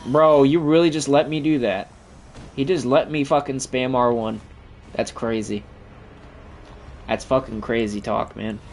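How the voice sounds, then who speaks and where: A man's voice: medium pitch, steady tone, measured pace, long pauses, darkish tone, slight background noise. Profane trash-talking male gamer. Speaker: gaming channel host. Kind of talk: gameplay commentary.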